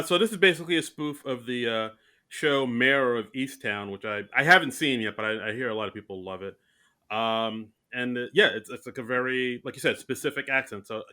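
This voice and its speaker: Male podcast co-host, bright tone, animated and self-mocking, casual chat. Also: mid-range voice. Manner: animated, self-mocking, talks in bursts with restarts.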